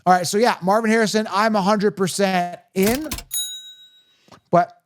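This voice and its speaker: A man hosting a casual sports podcast, energetic and hype-driven, laughing often. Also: high voice, normal speed, slight background noise. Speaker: podcast host.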